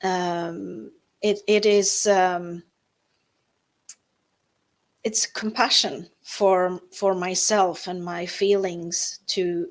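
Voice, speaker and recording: A woman with a Norwegian accent, a guest in a live interview, talking softly and hesitantly with many fillers and restarts. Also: lowish voice, little pitch movement, very slow, long pauses.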